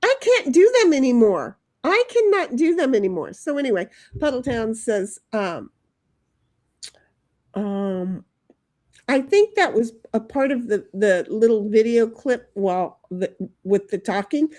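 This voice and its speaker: Woman streamer chatting away, reads chat out loud, giggly and rambly, kinda high voice. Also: very animated, measured pace. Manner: rambling, laughs often, breaks into sung jingles. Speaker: livestream host. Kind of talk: casual chat, reading viewer comments aloud.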